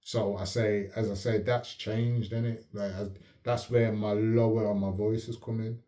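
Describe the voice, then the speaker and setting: A man hosting his own channel, talking in a calm, measured, reflective way and often asking if the listener follows. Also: fairly low pitch. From United Kingdom. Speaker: channel host. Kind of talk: reflective casual talk to camera. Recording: roomy echo.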